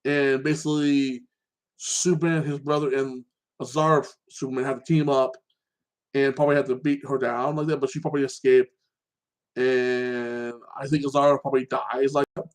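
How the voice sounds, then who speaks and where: A man hosting his own show, chatting casually about TV shows and an upcoming fight, rambling and excitable, tagging "like that" onto his sentences. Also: medium pitch, moderate pace. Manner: animated, excitable. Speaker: show host.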